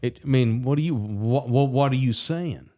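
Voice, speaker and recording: A man's voice: mid-range voice, normal speed. A man co-hosting a sports podcast, talking in a jokey, casual way. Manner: animated, jokey, swings loud and soft. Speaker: podcast co-host.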